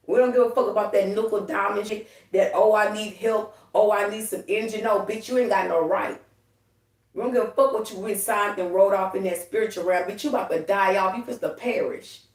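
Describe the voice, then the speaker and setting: A woman hosting a spiritual livestream in a heated, profane, preachy way. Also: medium pitch. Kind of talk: casual spiritual livestream talk. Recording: echoey room, a bit far from the mic.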